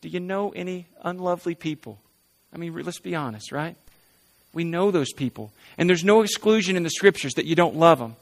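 A pastor with a fairly high voice preaches to his congregation. He speaks conversationally, checking in with "right?" and posing questions to his listeners. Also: a bit bright. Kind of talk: sermon.

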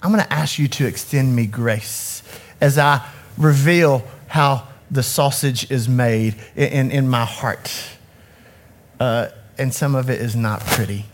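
A man's voice: mid-range voice, measured pace, slight background noise. A man in his forties, a youth ministry director, giving a candid, self-critical personal talk to an audience on a handheld mic, often restarting his sentences. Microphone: handheld microphone.

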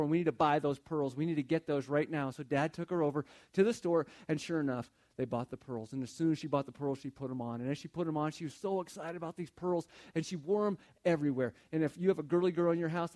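A male preacher with a slightly high voice delivers a sermon in a relaxed, conversational way. He tells a story at length, often restarting and repeating words as he goes. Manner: conversational, repeats words while building a point. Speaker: pastor.

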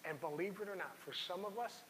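A man's voice: sits high, a little fast, fairly bright tone. Man preaching in an echoing hall. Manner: earnest, personal storytelling, reads scripture aloud. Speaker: pastor. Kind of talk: sermon. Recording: long hall reverb with faint hiss.

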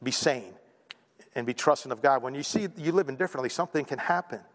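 A middle-aged man preaching a sermon in a conversational, animated way, often checking in with "right?" and acting out quoted voices. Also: medium pitch, quick pace, long reverb tail. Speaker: pastor.

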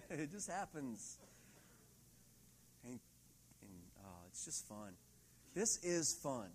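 Lively laughing preacher, man. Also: medium pitch, slow pace, pauses often, slight background noise. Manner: lively, laughing, acts out quoted voices. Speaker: pastor. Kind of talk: sermon.

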